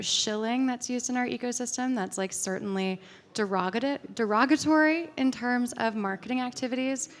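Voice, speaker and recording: Woman conference speaker, chatty and filler-heavy, mid pitch, hall reverb. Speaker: conference speaker answering audience questions. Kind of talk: casual conference Q&A.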